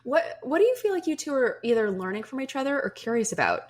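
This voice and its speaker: A woman's voice: high voice, big pitch swings, fast talker. A woman hosting a podcast, telling candid stories in casual chat with frequent laughs. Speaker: podcast host.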